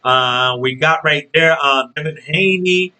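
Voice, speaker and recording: This boxing channel host speaks a little slowly, addressing viewers in a relaxed, direct way over a rough recording. He has a somewhat high, bright, sharp-edged voice and keeps stressing things by saying them again and tacking on "okay?".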